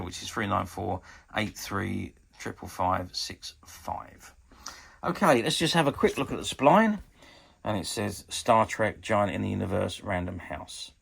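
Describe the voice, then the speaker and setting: A man's voice: low-pitched, creaky, fairly bright tone, breathy edge. A man in his fifties giving a chatty, hesitant show-and-tell review of a collectable toy book. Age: 50s. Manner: chatty and hesitant, often pausing with ums.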